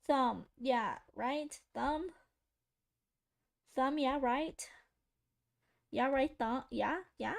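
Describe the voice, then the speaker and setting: A woman's voice: sits high, very slow, gravelly, long pauses. A woman streamer chatting casually to her viewers while drawing, rambling, giggly and poking fun at herself. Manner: rambling, giggly, self-mocking, talking to chat.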